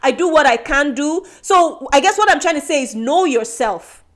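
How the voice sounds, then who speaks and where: A woman's voice: sits high, lively intonation, moderate pace, a bit bright. A woman born in Nigeria co-hosting a podcast, talking earnestly and reflectively in a casual chat. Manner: earnest, self-reflective, many restarts. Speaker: podcast co-host.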